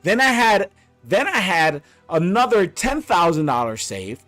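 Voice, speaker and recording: A man's voice: sits high, big pitch swings, a little slow, a bit bright, soft background music. A man telling an angry story about a bad trip, blunt and profane, repeating lines for emphasis. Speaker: vlogger.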